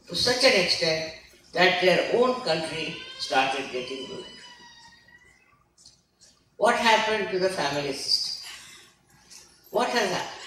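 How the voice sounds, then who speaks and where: Woman, spiritual teacher's sermon, lively rise and fall, bright tone, faint hiss. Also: lowish voice. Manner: emphatic, scolding, with rhetorical questions. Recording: echoey hall recording from far off.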